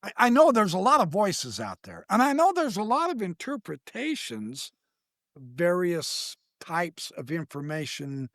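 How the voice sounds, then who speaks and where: A middle-aged man telling his story as a guest in an interview, animated and stammering as he acts out the voices of other people. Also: high voice, measured pace, dry recording, clean studio sound.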